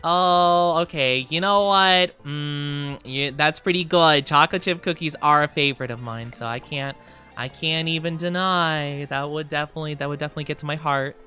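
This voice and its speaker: Bright, giggly livestreamer chatting. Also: mid-range voice, normal speed, faint music behind. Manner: chatty and giggly, answers chat messages. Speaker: streamer reading chat. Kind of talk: casual livestream chat over gameplay.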